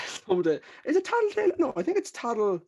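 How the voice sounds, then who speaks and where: A man's voice: extremely high pitch, big pitch swings, quick pace, creaky, darkish tone. Irish guy guesting on a podcast, rambly, stumbles over his words a lot. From Ireland. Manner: rambling, lots of restarts and fillers. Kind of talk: casual chat.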